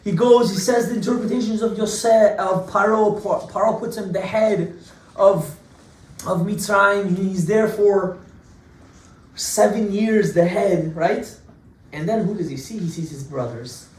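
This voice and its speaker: A man's voice: unhurried, recorded from a distance. Man teaching Torah in an echoey room. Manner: animated storytelling, big swings of pitch and loudness; talks to class, asides to listeners. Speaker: rabbi teaching a Torah class. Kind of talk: informal Torah lesson.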